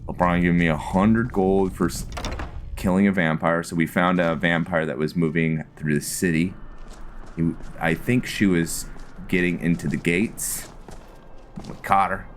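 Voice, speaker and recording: A man hosting a let's play video, giving relaxed, casual gameplay commentary and thinking aloud with fillers. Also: low-pitched, moderate pace, a little hiss or hum.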